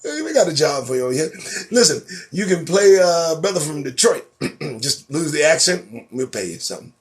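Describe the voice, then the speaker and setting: Animated, profane man ranting on a live stream. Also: on the high side, moderate pace. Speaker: host. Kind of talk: live-stream commentary on news headlines. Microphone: phone or webcam on a live stream.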